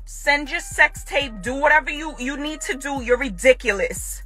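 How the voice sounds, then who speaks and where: A woman's voice: sits high, normal speed, bright, forceful tone, soft background music. A woman speaking straight to the camera about her ex-partner, confrontational and repeating her own phrases for emphasis. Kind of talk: direct address to camera.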